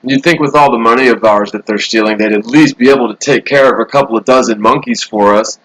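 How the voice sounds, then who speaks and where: A man's voice: mid-range voice, quick pace, a bit bright, low-quality recording. A man hosting a casual live stream from a hotel room, rambling through the news with sarcastic asides. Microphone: laptop mic.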